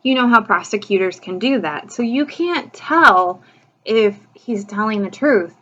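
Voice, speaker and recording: A chatty woman talks through a true-crime case in a casual, opinionated way, filling her sentences with "like" and "you know". Her voice sits at an ordinary middle pitch. The recording is muffled and lo-fi. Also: expressive, measured pace, bright, forceful tone. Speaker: true-crime video host. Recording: dull lo-fi recording.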